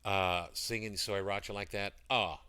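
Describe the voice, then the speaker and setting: Deep-voiced man rambling on a livestream. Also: steady tone, unhurried, sharp tone, smooth. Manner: rambling, greets chat viewers by name, breaks into sung jingles. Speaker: livestream seller. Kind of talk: casual livestream chat. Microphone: computer mic.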